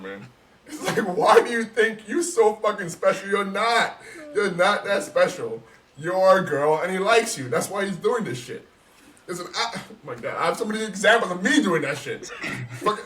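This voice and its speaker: A man co-hosting a casual podcast, talking in an animated, emphatic and profane way. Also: on the high side, distant mic, slight background noise. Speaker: podcast co-host.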